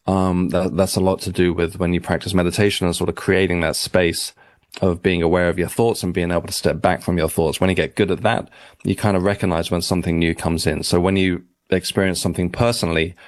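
A man's voice: low voice, dry recording, clean studio sound. A man, a podcast guest, talking in a rambling, reflective way with many restarts. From United Kingdom. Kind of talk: casual interview talk.

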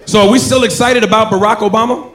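A man doing a stand-up routine on a comedy club stage, building up to shouted punchlines. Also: high voice, fairly even intonation, quick pace, very noisy. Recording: roomy live club recording with audience.

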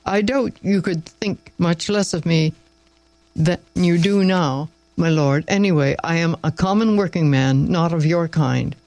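A man's voice: on the high side, unhurried, darkish tone, no room sound, low-quality recording. A man voicing a proud young farmer's son who answers bluntly and with heat in a storybook reading. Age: young adult. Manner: blunt, heated, defiant.

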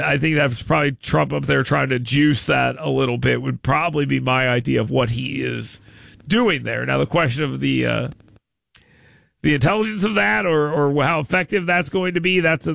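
A man hosting a casual news commentary show, animated and quick to exclaim, restarting his sentences often. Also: medium pitch, gravelly, no echo. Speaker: show host.

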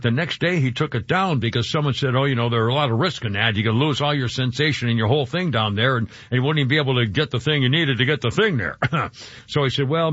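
A man's voice: medium pitch, fairly bright tone, husky, no echo. A man hosting a radio show, talking in a rambling, chuckling way that often trips over its own words. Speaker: radio host. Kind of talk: casual radio banter. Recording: dull radio broadcast sound.

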